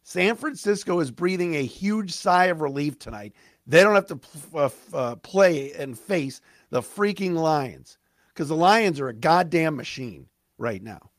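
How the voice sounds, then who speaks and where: A man hosting a sports podcast, ranting excitedly with stumbling restarts, his voice cracking. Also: on the high side, no room sound, clean studio sound. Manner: fired-up, rapid, stumbling restarts.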